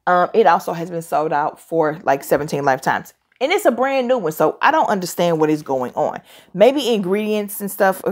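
A tired, chatty woman in her forties who talks fast and gives opinionated reviews in a casual vlog. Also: lowish voice. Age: 40s. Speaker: fragrance reviewer.

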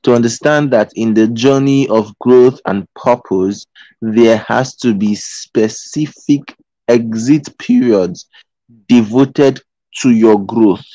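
A man's voice: mid-range voice, slow, dark tone, no room sound, poor audio. A man giving a live-streamed motivational talk, earnest and pleading, who repeats his phrases and keeps checking in with his listeners. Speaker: motivational speaker. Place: in Qatar.

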